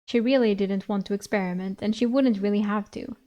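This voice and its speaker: A woman streamer reading a novel aloud in a relaxed, conversational way. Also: medium pitch, a little fast, muffled recording. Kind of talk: casual read-aloud narration.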